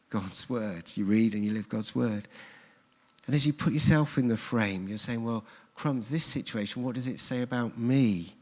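A man's voice: mid-range voice, darkish tone. A man preaching a sermon in a church, telling the story earnestly and repeating his key phrases for emphasis. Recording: long church hall reverb.

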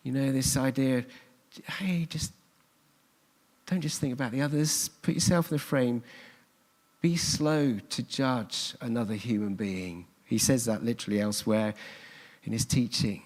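A man's voice: mid-range voice, normal speed, a little mellow. A man preaching a sermon in a church, telling the story earnestly and repeating his key phrases for emphasis. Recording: long church hall reverb.

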